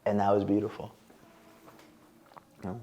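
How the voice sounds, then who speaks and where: A man chatting as a podcast guest, a lively storyteller with plenty of fillers and restarts. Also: lowish voice, measured pace, highs cut off. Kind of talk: casual interview chat.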